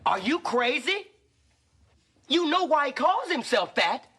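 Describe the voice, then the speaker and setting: A man's voice: very high voice, big pitch swings, unhurried, sharp tone. Wisecracking man in a sitcom. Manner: wisecracking, exaggerated. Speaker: sitcom character. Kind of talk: sitcom acting.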